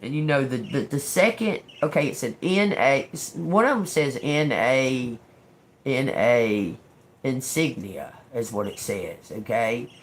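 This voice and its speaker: This woman has a very deep voice and speaks slowly, though her intonation is lively. She hosts a relaxed tarot-reading livestream over a phone or webcam, addressing viewers directly as she rambles with emphasis.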